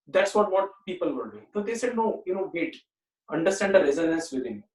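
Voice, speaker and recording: A man's voice: high voice, very animated, a little fast, darkish tone. A man giving an earnest spiritual talk, often repeating himself and saying "you know". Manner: earnest, repetitive, many "you know" fillers. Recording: roomy echo, mic at a distance.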